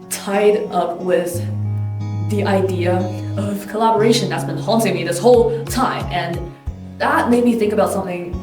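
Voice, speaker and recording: A woman giving a candid, thoughtful personal reflection as a documentary interviewee. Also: mid-range voice. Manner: candid, thoughtful, with casual fillers. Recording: roomy distant mic. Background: soft guitar music.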